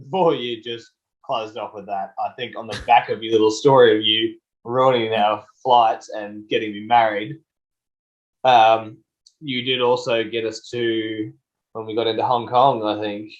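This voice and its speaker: A man's voice: lowish voice, fairly even intonation, unhurried. A man co-hosting a podcast, teasing his co-host in wry casual chat. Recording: dull lo-fi recording.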